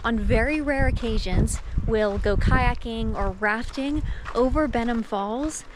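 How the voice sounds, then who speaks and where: Bubbly high-voiced woman vlogging outdoors. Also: unhurried, background noise. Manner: bubbly, laughs often. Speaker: travel vlogger. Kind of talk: casual travel vlog narration. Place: outdoors on a trail.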